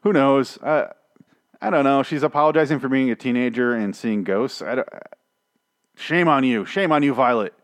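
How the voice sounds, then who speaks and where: A man's voice: medium pitch, normal speed, no echo. Rambling, sarcastic man reviewing a show. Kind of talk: casual recap rant.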